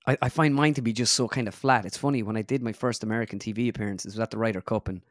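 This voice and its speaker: A man's voice: lowish voice, rapid-fire, no room sound, clean studio sound. A young Irish man from the Midlands, a comedian being interviewed casually, who runs his sentences together with many fillers. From Ireland. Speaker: comedian and impressionist, guest.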